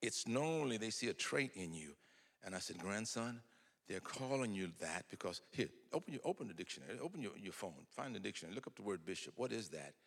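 A man's voice: lowish voice, animated, fast, in a large hall. An older man telling folksy, humorous family stories in a sermon, acting out the dialogue. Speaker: preacher. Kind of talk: storytelling sermon.

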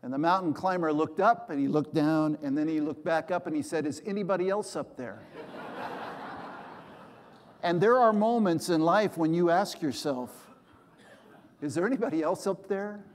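A man's voice: a little high, normal speed, in a large hall, slight background noise. A man in his seventies, a pastor preaching a sermon and acting out the voices in his stories. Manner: storytelling preacher, acts out quoted voices.

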